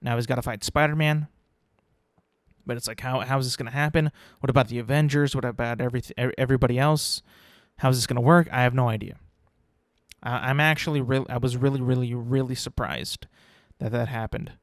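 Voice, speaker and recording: A man's voice: medium pitch, fairly even intonation, fast talker, dry recording, clean studio sound. A young man hosting his own podcast, talking casually alone, rambling and repeating words, swearing now and then. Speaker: podcast host. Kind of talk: casual solo commentary.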